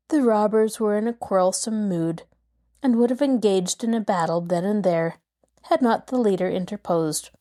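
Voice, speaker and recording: A woman host narrating a mystery novel aloud with a lively, dramatic delivery. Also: medium pitch, moderate pace. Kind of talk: scripted storybook narration.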